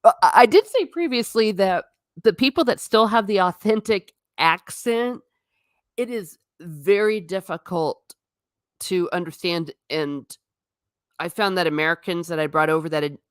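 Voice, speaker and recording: A woman's voice: on the low side, clean tone, no room sound, clean studio sound. A woman chatting casually with viewers on a live stream while showing travel photos, often laughing and stumbling over repeated words. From not Irish. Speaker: livestream host.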